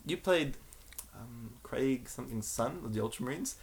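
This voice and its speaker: A man, hosting a casual chat, telling animated stories full of swearing and laughter. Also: mid-range voice, normal speed, creaky, a little hiss or hum.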